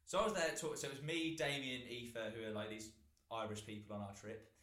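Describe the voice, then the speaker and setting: A young British man co-hosting a casual podcast, rambling through an anecdote and laughing as he goes. His voice sits at an ordinary middle pitch, and the recording has a noticeable roomy echo. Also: steady tone, brisk, fairly bright tone. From Britain. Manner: rambling storyteller, laughs often. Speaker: podcast co-host. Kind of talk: casual chat, anecdote telling.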